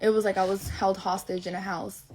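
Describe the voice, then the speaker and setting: A woman's voice: mid-range voice, flat delivery, brisk, noisy background. A young woman telling her viewers a long personal story, blunt, rambling and swearing a lot. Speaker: livestreamer.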